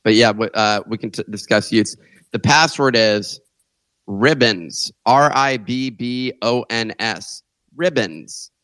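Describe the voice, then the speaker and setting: A man co-hosting a casual podcast, jokey and quick to laugh, often restarting his sentences. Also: on the low side, fairly bright tone, no room sound. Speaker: co-host.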